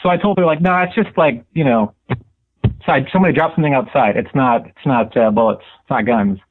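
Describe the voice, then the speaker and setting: A male caller with a mild, soft-spoken and slightly formal way of talking, telling a story over the phone. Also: medium pitch, a little fast. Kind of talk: casual phone call storytelling. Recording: tinny phone line.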